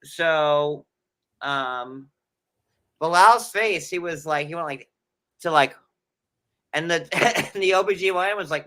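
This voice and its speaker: A man with a New York accent recaps a show in loose, rambling chat, full of fillers and jokey asides. His voice sits a little high and has a bright, forceful edge. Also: takes it slowly, pauses often. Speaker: podcast co-host.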